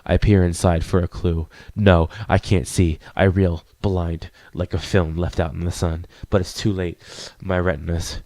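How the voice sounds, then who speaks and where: A man voicing a quiet, awkward young newcomer who talks in a low-key, hesitant way. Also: level tone, unhurried, hardly any pauses, no room sound. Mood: solemn.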